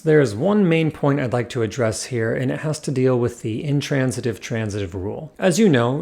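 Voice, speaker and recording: Give me a man narrating a scripted language lesson, calm and explanatory, with a mid-range voice. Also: medium pitch. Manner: clear, explanatory and measured. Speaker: language teacher.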